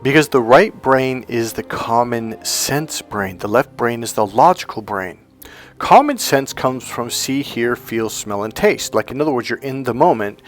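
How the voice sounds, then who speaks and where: A man's voice: medium pitch, unhurried, soft background music. A middle-aged man and self-help coach talking casually, telling stories with plenty of restarts and acting out what people said. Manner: chatty, animated storytelling with acted-out quotes. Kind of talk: casual talking-head advice.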